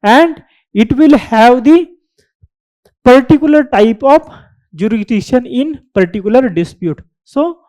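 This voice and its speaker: A woman's voice: fairly high pitch, lively intonation, unhurried, dark tone. A woman giving an exam-prep lecture, repeating key terms and checking in with "right?" as she explains. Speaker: exam coaching teacher. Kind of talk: current affairs lecture.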